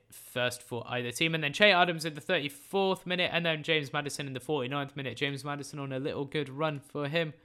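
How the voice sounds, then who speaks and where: A man's voice: high voice, sharp tone. A man hosting a football podcast, reading out scores and lineups in a chatty, jokey, opinionated way. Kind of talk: casual football results roundup.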